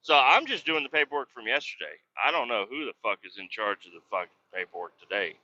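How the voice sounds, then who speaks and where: Exasperated, cursing man with a bright voice. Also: mid-range voice, lively intonation, fast, lo-fi sound, slight background noise. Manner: profane, rambling and exasperated. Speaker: podcast host. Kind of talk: casual solo rant.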